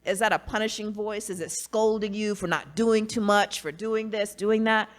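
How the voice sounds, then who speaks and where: Earnest lady guest, mid voice, lots of "you know" and "right", thinking out loud. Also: medium pitch, steady tone, moderate pace. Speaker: guest, academic and author. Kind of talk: casual conversation.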